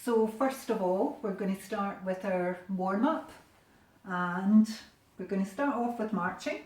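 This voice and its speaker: A woman with a Scottish accent leading a gentle home exercise class from her bedroom, giving encouraging instructions in a relaxed way. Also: mid-range voice, a little slow. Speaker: fitness instructor. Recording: roomy sound from a distant camera.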